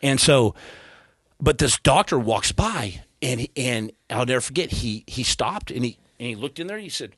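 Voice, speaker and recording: A man in his thirties guests on a podcast, telling his story casually and earnestly, stammering and starting over at times. His medium-pitched voice is fairly bright, with lively intonation and normal speed, captured dry and studio-quality on a podcast mic.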